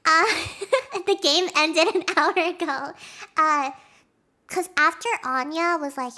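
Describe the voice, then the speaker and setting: Young woman streamer, high bright voice, rambling and excitable, acts out quotes. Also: unhurried. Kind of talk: casual chat with stream viewers.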